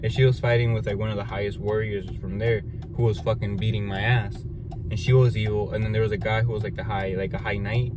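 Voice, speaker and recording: A man's voice: fairly low pitch, little pitch movement, fast. A young man telling a rambling story in casual chat, swearing constantly and filling with "like". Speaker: vlogger. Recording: noisy outdoor traffic in background.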